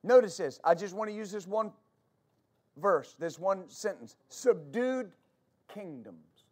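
With a high, animated voice and a darkish tone, this man preaches slowly as a pastor. He repeats himself fervently, stammers through restarts, and draws call-and-response answers from his congregation.

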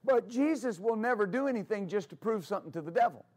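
Man, pastor, high voice, emphatic repetition, sermon storytelling. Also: animated, fast, a little mellow. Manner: storytelling asides with fillers.

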